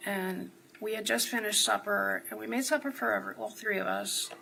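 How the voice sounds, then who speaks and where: Woman from New Jersey, courtroom witness, raspy and bright-toned, faint hum behind her. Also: medium pitch, steady tone, a little fast, rough recording. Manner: short answers, then rambling storytelling. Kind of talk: courtroom testimony.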